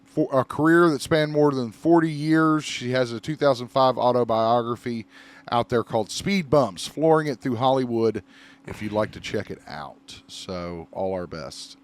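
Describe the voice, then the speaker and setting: A man's voice: mid-range voice, moderate pace. A man hosting a podcast in casual chat, swearing freely, laughing often and rambling between topics. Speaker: podcast host.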